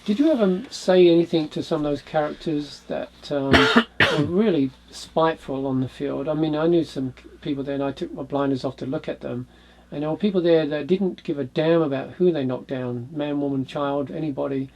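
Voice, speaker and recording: A man interviewing a former staff member, asking questions haltingly and searching for words. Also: on the high side, rough recording.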